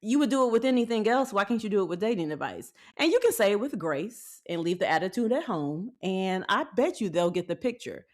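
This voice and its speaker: A woman in her thirties hosting a podcast, giving frank faith-based dating advice in a folksy, animated way, acting out what people said. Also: mid-range voice, fairly quick, few pauses. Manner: animated storytelling with acted-out quotes; folksy, frank, laughs often. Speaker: podcast host.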